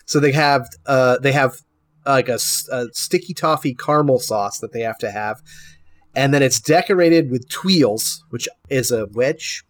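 Male podcast co-host, mid-pitched, relaxed recap chatter, dry close mic. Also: unhurried, dry recording. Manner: relaxed, chatty, laughs while talking. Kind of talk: casual chat recapping a TV show.

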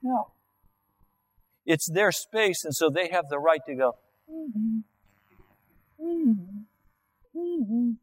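A man preaching a sermon in a church, acting out biblical dialogue and everyday scenes in changing voices, with sudden high exclamations. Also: animated, poor audio. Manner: slow, deliberate delivery with sudden high-pitched exclamations.

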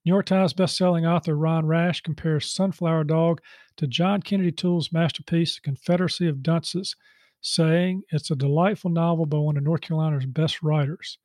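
A man's voice: fairly high pitch, steady tone, normal speed, a little mellow, no room sound, clean studio sound. A male podcast host introducing the episode and reading announcements in a chatty way, with many "uh" fillers. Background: guitar music.

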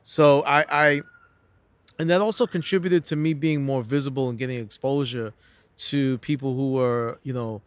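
A man's voice: mid-range voice, steady tone, moderate pace, no room sound. A middle-aged man from New City, telling stories as a comedian guest in a casual interview, acting out quotes with frequent restarts. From New York City.

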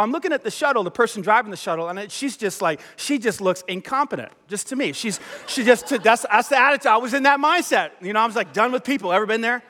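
A male pastor preaches in a high, bright voice. He tells a personal story with animated, self-mocking flair and plays out the dialogue himself. The sound carries a long hall reverb. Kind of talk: sermon storytelling.

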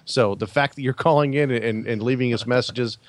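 A man's voice: medium pitch, fairly quick, dry recording. A man co-hosting a podcast, chatting casually and joking. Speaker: podcast co-host.

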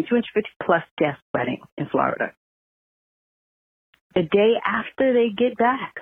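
A fired-up woman with a thick New York accent rants into a voicemail, swearing and scolding. Her voice sits a little low and comes across husky. It all rides a dry, narrow, phone-like line. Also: no room sound. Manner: angry profane rant. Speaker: caller. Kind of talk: venting voicemail.

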